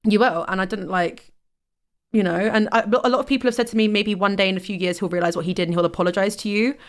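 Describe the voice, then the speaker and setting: A woman's voice: mid-range voice, fairly even intonation, fast. A young woman in casual chat, talking with passion and getting heated, swearing freely. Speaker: host.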